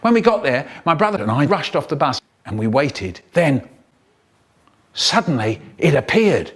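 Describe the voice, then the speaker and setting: Animated man telling a story. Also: normal speed, breathy edge. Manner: animated, jumps into high silly voices for quotes. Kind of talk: spliced comic story narration.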